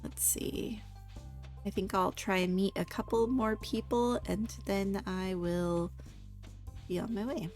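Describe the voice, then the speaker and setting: A young woman giving relaxed, chatty commentary while playing a farming game. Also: medium pitch, slow, soft background music. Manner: relaxed, chatty, giggly asides. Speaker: gaming video host. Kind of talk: casual gameplay commentary.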